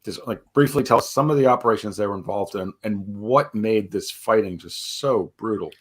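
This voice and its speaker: Low-voiced podcast host. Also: male voice, moderate pace, slightly rough. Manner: relaxed, hedging with fillers. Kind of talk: casual interview questions.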